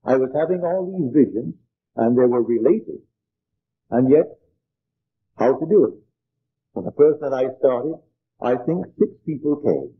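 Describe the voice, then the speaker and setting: An older man giving an earnest spiritual lecture, telling stories in a measured way, on an old archival tape. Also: medium pitch, animated, breathy edge, narrow, tinny audio.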